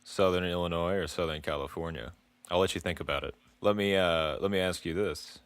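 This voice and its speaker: Man, very deep voice, dry close sound, playful co-host, halting, joking. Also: steady tone, smooth, no echo. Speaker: podcast co-host. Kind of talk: casual chat.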